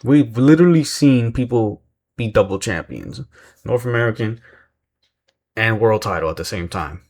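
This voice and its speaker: Casting note: male wrestling-recap vlogger with a lowish voice, chatty and self-deprecating, loose and rambling. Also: lively intonation, moderate pace, darkish tone. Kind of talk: casual recap commentary.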